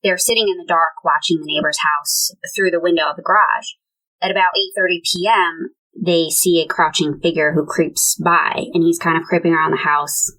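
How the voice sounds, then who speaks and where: A woman's voice: sits low, fairly even intonation, normal speed, sharp tone, low-quality recording. Woman co-host retelling a true crime case. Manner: retells case events with quoted dialogue. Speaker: podcast co-host. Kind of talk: true crime book discussion.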